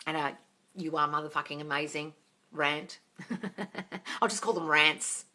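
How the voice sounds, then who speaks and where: A woman's voice: sits low, fairly even intonation, a little slow, bright, forceful tone. A woman answering viewer questions on a live stream as a manifesting coach, blunt and sweary, calling viewers darling. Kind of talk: livestream Q&A.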